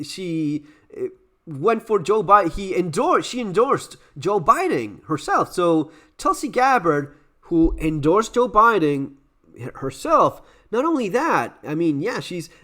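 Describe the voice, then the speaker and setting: A man from Latin America with an Argentine Spanish accent, giving emphatic, sarcastic commentary. His voice sits high and swings widely in pitch. He speaks English as a second language after Spanish. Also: a bit bright. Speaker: channel host commenting on clips. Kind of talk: opinionated commentary.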